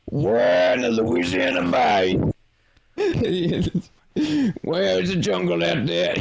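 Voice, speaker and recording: A man putting on a deliberately exaggerated American accent, playing an over-the-top barbecue-show host with a drawling delivery. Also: sits high, sing-song, vocal fry, muffled recording, background noise, pitched above the performer's own voice, full character voice. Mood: hammy. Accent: exaggerated American, put on.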